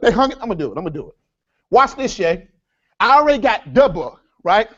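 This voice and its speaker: A man leading a live workshop seminar, energetic and repetitive, with a preacher-like cadence as he addresses the audience as folks. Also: high voice, fairly quick, husky, muffled recording. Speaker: workshop speaker.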